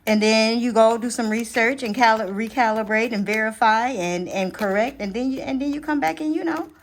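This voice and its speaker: A woman giving a casual, unedited tarot reading to camera. She chats directly to her viewers, often checks in with "okay?", and her pitch and loudness swing widely as she talks. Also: brisk. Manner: chatty, animated, addresses viewers directly with frequent "okay?". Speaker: tarot reader.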